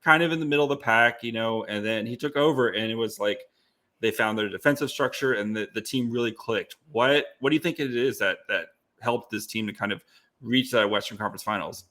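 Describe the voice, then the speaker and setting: A man hosting a sports podcast, relaxed and chatty, asking questions with easy laughter. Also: mid-range voice, fairly quick. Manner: relaxed, many fillers and restarts, easy laughter. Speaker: podcast host. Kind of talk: casual sports podcast chat.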